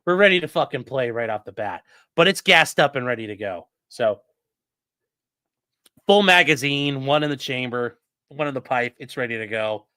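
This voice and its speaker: A man in his late thirties telling a story in a casual, animated and profane way as the host of a livestream, full of gun jargon. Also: medium pitch, normal speed, smooth, no room sound. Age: late 30s.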